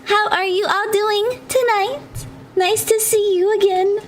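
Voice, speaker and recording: A woman's voice: very high-pitched, fairly even intonation, unhurried, a little hiss or hum. A woman game streamer chatting casually with her viewers, bubbly and chatty, laughing often.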